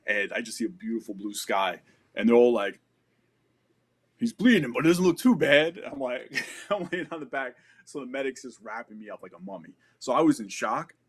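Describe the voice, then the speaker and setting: A man's voice: medium pitch, brisk, breathy edge. A man in his thirties, a podcast guest, telling a story in a loose, casual way, full of "like" and "you know" and the odd swear word.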